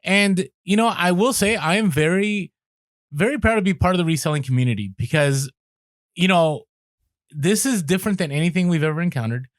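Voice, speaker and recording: Animated man co-hosting a podcast. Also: high voice, brisk, no room sound, studio quality. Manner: animated, emphatic, filler-heavy. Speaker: podcast co-host. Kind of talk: casual chat.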